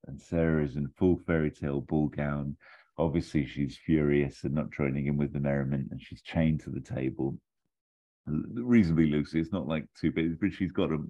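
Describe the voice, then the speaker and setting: Man, very deep voice, rambling script pitch, hesitant, slightly muffled recording. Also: mellow. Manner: rambling, hesitant with fillers and giggles. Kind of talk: comedic script pitch, casual chat.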